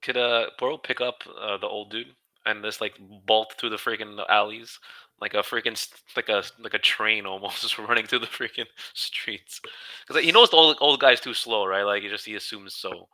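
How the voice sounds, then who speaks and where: Bright, forceful-voiced male player. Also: on the low side, normal speed, low-quality recording. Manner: casual, playful, rambling with many fillers. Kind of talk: casual tabletop game chat.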